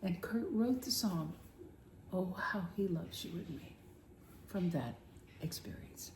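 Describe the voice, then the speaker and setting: A woman co-hosting a Christian talk show tells a story very slowly and tenderly. Her voice sits low for a woman and at times drops to a near whisper. The sound is roomy and echoey, with a faint hum behind it. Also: animated, a little mellow. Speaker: Christian TV co-host.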